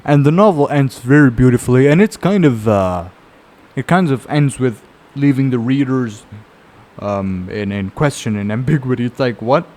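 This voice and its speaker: A man's voice: medium pitch, moderate pace, a little mellow. A man with a mid-range voice talks through a novel's story in a loose, conversational way. He rambles and circles back on his points, like someone sharing a book he loved. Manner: rambling, conversational storytelling with frequent fillers and restarts. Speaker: book reviewer. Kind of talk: casual spoken book summary.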